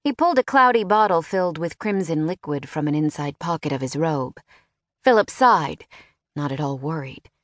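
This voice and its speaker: Female audiobook narrator, lowish voice, dry studio read. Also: expressive, brisk, no echo. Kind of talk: scripted fantasy narration.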